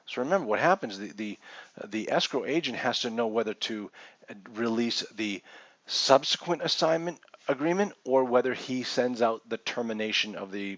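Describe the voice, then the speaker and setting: A man's voice: on the low side, no echo, highs cut off. A man instructor presenting a seminar, telling a story and acting out the people in it. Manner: animated storytelling with quoted dialogue. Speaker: real estate investing instructor.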